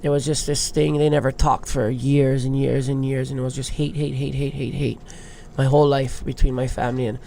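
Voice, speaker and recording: A big wave surfer from Hawaii, a man in his thirties, guests on a podcast and tells his life story candidly and emotionally, swearing casually. His mid-range voice is warm and creaky, level in tone and a little fast with hardly any pauses. There's slight background noise.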